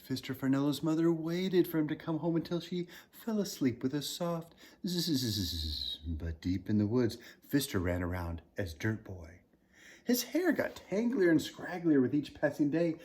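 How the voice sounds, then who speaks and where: Reading a picture book aloud, a male children's author tells the story in an animated, husky voice. He swings his pitch and volume, sometimes dropping to a whisper.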